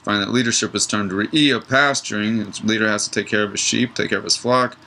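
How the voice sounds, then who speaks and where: A man teaching a relaxed, digressive Torah study lesson. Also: lowish voice, a little fast, creaky, rough recording. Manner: relaxed, digressive, tells a joke mid-lesson.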